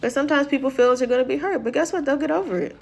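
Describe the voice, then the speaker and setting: A woman's voice: high voice, rapid-fire, gravelly, a little mellow. A woman giving a casual motivational talk in a conversational manner, often checking in with listeners and acting out what people say. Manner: conversational, keeps asking "right?"; acts out quoted voices. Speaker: motivational speaker.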